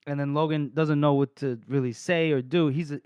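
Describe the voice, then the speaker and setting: Rambling, swearing podcast host, slightly high. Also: male voice, steady tone, a little fast, darkish tone, smooth, no echo, dull audio. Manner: rambling, swears a lot, laughs often. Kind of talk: casual book-discussion chat.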